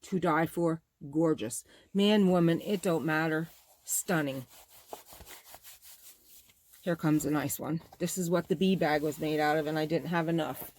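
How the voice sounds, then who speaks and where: A middle-aged woman hosts a bag-making vlog, her low, slightly slow, somewhat mellow voice rambling and gushing with exclamations as she shows off her materials. It's a casual show-and-tell from her bag-making channel.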